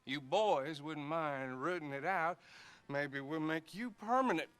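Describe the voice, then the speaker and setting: An actor playing a pompous small-town sheriff in a western game, talking down to others. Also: male voice, fairly high pitch, a little slow, a bit bright, clean tone. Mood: smug.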